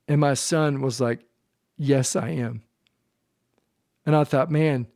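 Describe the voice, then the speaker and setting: A man hosting a podcast, talking earnestly and with deep feeling about his family and faith, at times choked up. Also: takes it slowly, pauses often, a little mellow, no echo, studio quality. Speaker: podcast host. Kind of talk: heartfelt faith-based podcast monologue.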